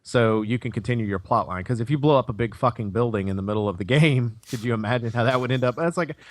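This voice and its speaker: A man's voice: mid-range voice, fast, dry recording. A man co-hosting a casual gaming podcast, talking in loose, rambling runs full of fillers and swearing. His voice sits mid-range, and the recording is close and dry. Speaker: podcast co-host.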